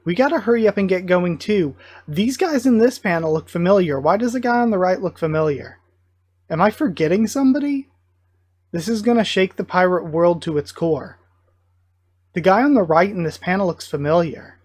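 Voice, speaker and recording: Excitable man thinking aloud on reactions. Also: high voice, moderate pace, dry recording. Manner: excitable, musing and self-correcting. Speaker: reaction video host.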